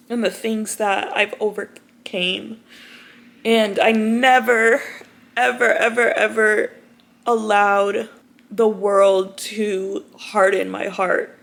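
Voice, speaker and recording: A young woman talks to her camera at home in an open, heartfelt way, close to tears as she speaks. Her voice sits at a middle pitch. She keeps it casual and chatty, full of "like", "you know" and "girl". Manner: casual, chatty, calls viewers "y'all" and "girl". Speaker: vlogger. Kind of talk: emotional personal vlog talk to camera.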